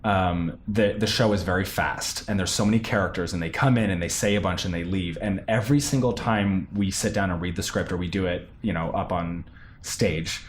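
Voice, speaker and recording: A man's voice: low voice, fairly quick, slight background noise. A young man, a stage actor, chatting in an interview about his role, talking animatedly with many fillers and restarts. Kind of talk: casual interview.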